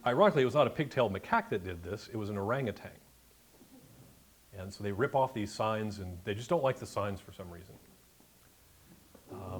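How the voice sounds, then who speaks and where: Guy doing a slide talk at a bird club meeting, lowish voice, cracks jokes as he goes. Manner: jokey, chatty asides. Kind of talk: slide-show travel talk to a live audience. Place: meeting room with an audience.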